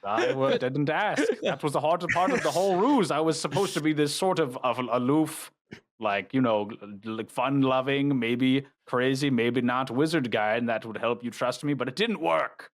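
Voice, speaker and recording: A scheming old elf wizard, aloof and pompous, as a game master puts him on. He stretches his words out grandly and talks at an everyday middle pitch, like someone savoring his own wisdom. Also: normal speed, lightly acted. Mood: candid.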